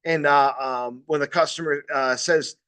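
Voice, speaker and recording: A man with a somewhat high voice runs a casual sales training session. He rambles and restarts, swears freely, and keeps checking in with his listeners. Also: steady tone, normal speed, fairly bright tone, smooth.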